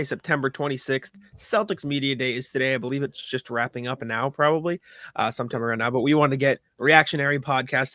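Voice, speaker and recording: A man's voice: medium pitch, sharp tone, no echo, studio quality. A man co-hosting a sports podcast in casual chat, talking loosely with lots of fillers. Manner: loose, filler-heavy delivery. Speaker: podcast co-host.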